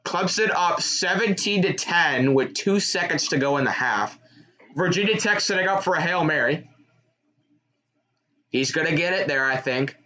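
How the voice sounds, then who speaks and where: Excitable young man reacting to football. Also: fairly high pitch, normal speed. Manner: excitable, shouts at big plays. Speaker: sports streamer. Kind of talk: live reaction commentary.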